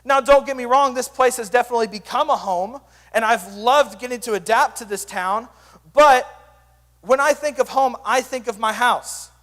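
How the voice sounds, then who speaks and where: A young man speaking as a youth pastor, giving an energetic, joking sermon full of stories. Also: extremely high pitch, moderate pace, in a large hall. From Sand Springs area, US.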